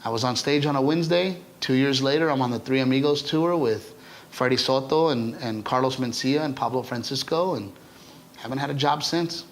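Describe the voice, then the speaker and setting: His lines often end in "right?" as this comedian chats through stories in a casual interview setting. The delivery is animated, the pitch medium, the tempo fairly quick.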